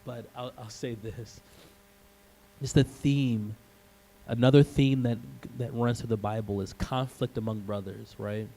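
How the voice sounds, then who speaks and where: A male pastor preaching a sermon in a church, telling the story in an animated way and acting out the scenes. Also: medium pitch, a little slow, low-quality recording.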